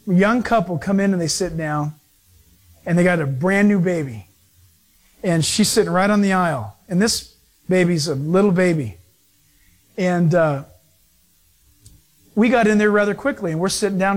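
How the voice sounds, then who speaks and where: A male pastor delivers a sermon, his voice sitting high for a man. He tells stories with animation and acts out the people in them. His delivery is a preacher's storytelling. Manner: animated storytelling with acted-out quotes.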